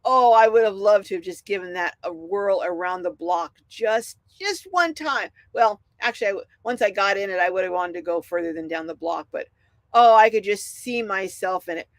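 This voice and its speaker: A woman's voice: mid-range voice, moderate pace, dry recording. A middle-aged woman hosting a casual livestream, chatting and laughing as she reads out viewer comments. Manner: chatty, animated, laughs often. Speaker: livestream host reading chat.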